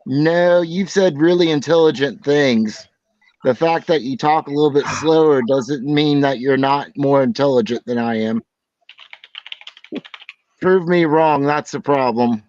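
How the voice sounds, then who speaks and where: A man's voice: on the high side, unhurried, a little mellow, no room sound. Blunt, self-deprecating man, panel chatter, dull lo-fi audio. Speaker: panel guest. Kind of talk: casual panel chat.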